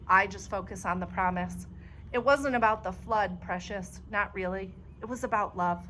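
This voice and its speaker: A woman voicing a frail old grandmother who speaks gently and soothingly, in a storybook reading. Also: medium pitch, normal speed, slight background noise, close to an everyday voice.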